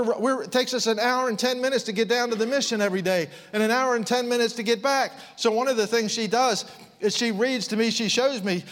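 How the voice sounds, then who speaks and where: Fervent high-voiced preacher in a hall. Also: male voice, a bit bright. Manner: fervent, rising to impassioned outbursts then dropping low. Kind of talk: sermon.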